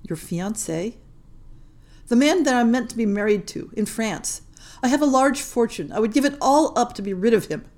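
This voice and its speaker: A woman's voice: a little high, animated, moderate pace, darkish tone, pitched above the performer's own voice. A woman reading a short story aloud, voicing a tearful young Frenchwoman in hiding, in an earnest, urgent way. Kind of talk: audiobook reading.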